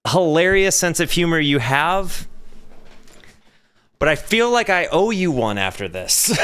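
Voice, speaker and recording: A man streaming a reaction, telling a story in an animated, excitable way. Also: fairly high pitch, unhurried, long pauses, clean tone.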